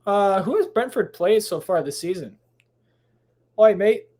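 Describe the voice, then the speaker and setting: A man's voice: high voice, expressive, moderate pace, darkish tone. A man hosting a solo podcast, rambling casually with lots of swearing, restarts and tangents, recording at home late at night. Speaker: podcast host.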